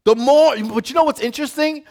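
A male pastor preaching a sermon to a live congregation, building from quiet talk to shouting. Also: extremely high pitch, a little fast.

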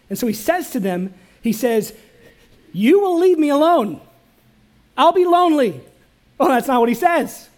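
A man preaches to a church congregation in a voice that sits high, calling for their response and moving between loud and soft moments.

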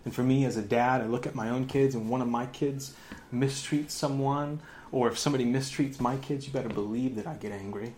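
Animated man preaching with laughs. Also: mid-range voice, a little fast, slight background noise. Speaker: pastor. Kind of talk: sermon.

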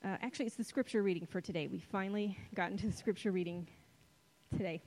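A woman preaching a sermon in a conversational, playful way, slowing for dramatic pauses on key words. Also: medium pitch, a little mellow, rough recording.

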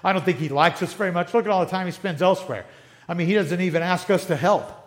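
A man's voice: sits high, fast talker, natural voice. A man voicing gossiping church members who complain in a petty, whiny way.

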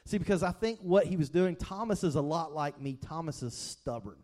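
A man's voice: a little high, expressive, brisk, a little mellow. A man preaching a sermon as pastor, earnest and conversational, often repeating and restarting words.

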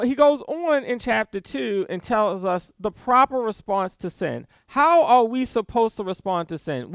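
Male preacher, high and lively, slow and deliberate, dry close sound. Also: smooth, no echo. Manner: animated, reads scripture aloud with emphatic stresses and small laughs. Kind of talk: sermon.

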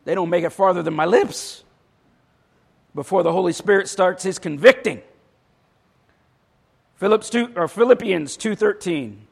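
High-voiced preacher giving an emphatic sermon. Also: male voice, unhurried, vocal fry, pauses often, husky. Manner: emphatic, storytelling, with dry asides.

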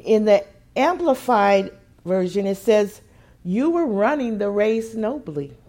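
Slow-speaking woman preacher. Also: mid-range voice, lively intonation. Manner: builds from quiet musing to emphatic, rising preaching; repeats phrases for emphasis. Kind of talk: sermon.

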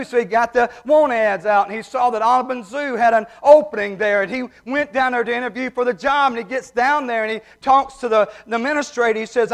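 A man's voice: very high voice, fast, few pauses. A man preaching a sermon, folksy and heartfelt as he tells stories. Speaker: pastor. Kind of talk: sermon with humorous story.

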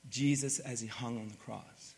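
A man preaching a sermon as pastor, rising to loud emphatic peaks and dropping to hushed, low passages. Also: fairly even intonation, normal speed, gravelly. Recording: long hall reverb.

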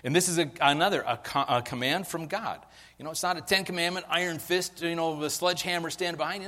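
Male pastor, fairly high voice, easygoing conversational sermon, long church reverb. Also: lively intonation, fast, fairly bright tone. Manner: conversational preaching with fillers and restarts.

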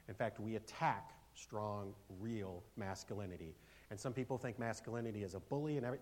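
A man preaching a sermon as pastor, speaking emphatically, asking for amens and swinging from loud declarations to hushed asides. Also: on the low side. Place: church.

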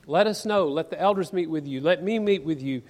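Earnest preacher in a reverberant church. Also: male voice, a little high, a little fast, a little mellow. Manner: earnest, rhetorical questions to the congregation. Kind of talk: sermon. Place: church sanctuary.

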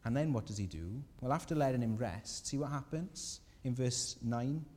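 A man preaching a sermon as pastor, earnest and gentle, his emphasis rising on key points. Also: medium pitch, expressive, moderate pace, long reverb tail. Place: church.

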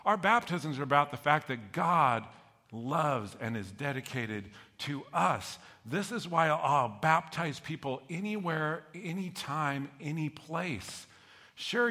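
A middle-aged male pastor preaching a sermon to his congregation, lively and jokey, often checking in with "okay?". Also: medium pitch, in a large hall. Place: church sanctuary.

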